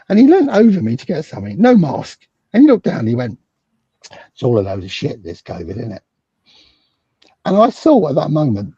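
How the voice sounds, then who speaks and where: A middle-aged British man recounts a story on a remote call and acts out every line of quoted dialogue. His voice swoops from low to high, and it is raspy with a dark, mellow tone. The sound is dry and muffled, like lo-fi video-call audio. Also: dry recording. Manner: acts out quoted dialogue with big swings in pitch. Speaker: guest psychologist. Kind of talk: animated storytelling in a conversation.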